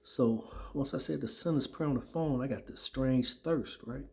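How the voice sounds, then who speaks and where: Man with a dark, mellow voice. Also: mid-range voice, normal speed, gravelly. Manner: conversational, repeats "right?" and "man". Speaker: former soldier sharing his testimony. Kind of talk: casual spoken testimony.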